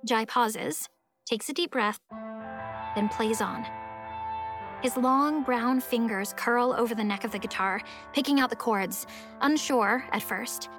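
A woman narrating a children's fantasy audiobook in the first person, lively and expressive. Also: fairly high pitch, slow, over music.

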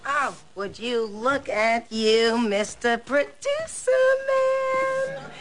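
A woman's voice: on the high side, very animated, extremely slow, over loud music, exaggerated voice. A woman playing a chatty, conspiratorial woman in a sitcom who hatches a plan to pose as a producer. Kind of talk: sitcom acting. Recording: noisy TV audio.

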